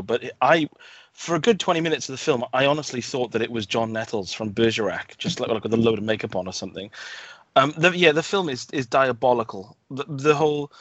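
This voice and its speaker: A man's voice: mid-range voice, a bit bright, dry recording. A man co-hosting a film podcast, speaking casually and sardonically with many restarts. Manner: halting, self-correcting, sardonic. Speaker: podcast co-host. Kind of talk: casual film review chat.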